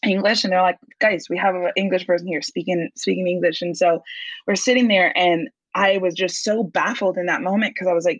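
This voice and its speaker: Lively woman guest, low voice, dry mic. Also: fairly quick, dry recording, rough recording. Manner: animated, acts out her own quoted reactions. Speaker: podcast guest. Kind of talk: casual storytelling.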